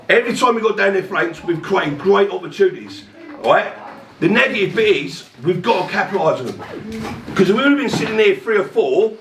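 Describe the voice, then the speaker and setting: A man's voice: sits high, a bit bright, far from the mic, a little hiss or hum. A man giving a firm, swearing half-time team talk as a football manager. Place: dressing room. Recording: echoey dressing room from afar.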